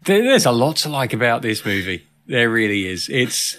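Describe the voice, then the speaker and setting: A man co-hosting a movie podcast, speaking in a measured, agreeable way with some hesitations. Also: medium pitch, very animated, a bit bright. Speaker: podcast co-host. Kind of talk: casual movie discussion.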